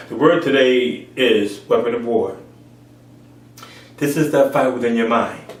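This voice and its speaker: A man's voice: medium pitch, slow pace. A man preaching an informal sermon, repeating phrases for emphasis and acting out other people's voices. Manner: acts out others' voices in raised tones. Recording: echoey room from far off.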